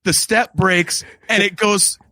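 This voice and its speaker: A man co-hosting a podcast, chatting excitedly about a film and acting out lines with laughs. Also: sits high, slow, no room sound. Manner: excited, laughing, acts out quotes. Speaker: podcast co-host. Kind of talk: casual film review chat.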